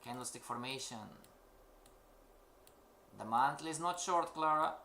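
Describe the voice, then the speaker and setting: A man's voice: medium pitch, measured pace, sharp tone, a little hiss or hum. A man teaching a live-streamed trading class, emphatic and questioning, repeating his points to the students. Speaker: forex trading instructor.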